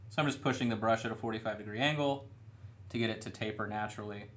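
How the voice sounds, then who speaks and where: A young man with a lowish voice talks at a quick pace, painting miniatures on a live stream from his studio room. He keeps it casual and relaxed, rambling somewhat and teasing himself.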